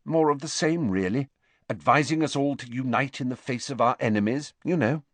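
A man's voice: medium pitch, normal speed, dry recording, pitched above the performer's own voice, natural voice. A man putting on the voice of an anxious, clever teenage girl, speaking in a raised, earnest, fussing tone.

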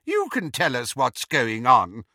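A man voicing an elderly witch in an audiobook, speaking crisply and proudly. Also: medium pitch, huge pitch swings, measured pace, pushed and bright, no echo, clean studio sound, heavily acted. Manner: clipped, proud. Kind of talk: audiobook character voice.

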